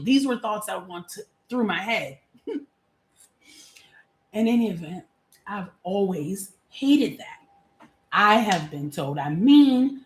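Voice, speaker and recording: A woman's voice: mid-range voice, animated, slow, pauses often. A woman in her forties talking candidly and chattily about her feelings, with casual slang and frequent laughs. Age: 40s. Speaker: vlogger. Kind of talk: personal reflective monologue. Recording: echoey room.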